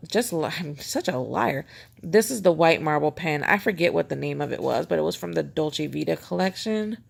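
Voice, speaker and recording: A woman's voice: low voice, creaky. A woman vlogger chatting casually and rambling as she shows off her pen collection at home, self-mocking and chatty. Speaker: planner vlogger. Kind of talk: casual show-and-tell chat.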